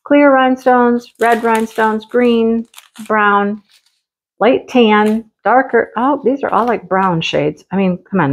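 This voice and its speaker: A chatty middle-aged woman talks through a craft unboxing in a casual, lively way. Her voice sits in a middle pitch and keeps jumping up whenever she is delighted. She also breaks off to talk to her pet. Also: rough recording. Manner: lively and enthusiastic, quick laughs. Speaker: craft vlogger.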